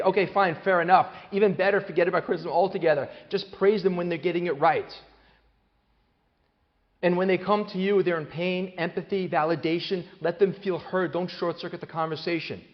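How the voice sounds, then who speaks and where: Animated man lecturing in a reverberant hall. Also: high voice, fairly quick. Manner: animated storyteller, acts out quoted voices, many restarts. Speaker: speaker at a parenting talk. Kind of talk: lively talk to an audience. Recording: long hall reverb, dull lo-fi sound.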